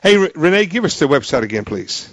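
A man's voice: a little high, sing-song, fast talker, a bit bright, no room sound, highs cut off. A male radio talk show host interviewing a guest in an emphatic, joking way, with frequent restarts. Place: radio studio.

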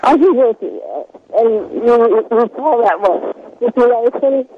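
A female voice coach, a guest calling in to a radio show by phone, speaking in a measured, precise way. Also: fairly high pitch, lively intonation, narrow, tinny audio, slight background noise. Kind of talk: phone-in interview. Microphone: telephone.

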